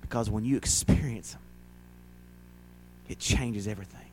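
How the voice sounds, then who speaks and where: A male pastor preaching a folksy, conversational sermon in a church, often rising to loud, dramatic shouts as he acts out a crowd. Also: lowish voice, moderate pace, a little hiss or hum.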